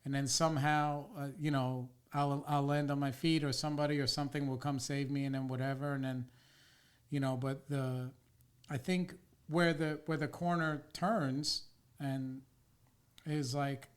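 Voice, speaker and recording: A man's voice: mid-range voice, flat delivery, normal speed, smooth. A man hosting a podcast in casual chat, rambling with lots of fillers and swearing. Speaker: podcast host.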